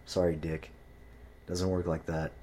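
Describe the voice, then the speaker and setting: A man's voice: sits low, little pitch movement, a little slow, warm tone. A young man in a casual, profane, heated monologue, telling a story and acting out the voices of the people in it.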